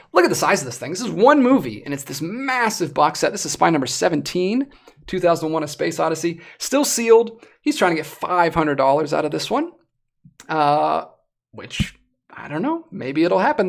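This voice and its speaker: Gravelly, animated livestream host. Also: medium pitch. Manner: animated, excitable. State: voice going hoarse. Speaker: livestream host reviewing disc collectibles. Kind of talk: casual livestream chat.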